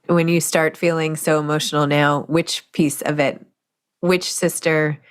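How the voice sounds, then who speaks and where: A woman hosting an interview, asking short, gentle follow-up questions. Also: deep voice, level tone, measured pace, smooth. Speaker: interviewer, host. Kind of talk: casual interview.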